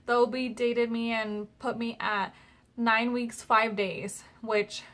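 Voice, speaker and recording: A woman's voice: a little high, little pitch movement, takes it slowly, a bit bright. A young woman chatting casually in a personal vlog, retelling conversations with lots of fillers. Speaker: vlogger.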